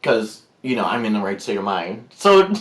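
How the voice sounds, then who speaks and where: With a lowish voice at normal speed, a male YouTuber recounts a story in a casual vlog. It's rambling and full of fillers, and he animatedly imitates the people he quotes.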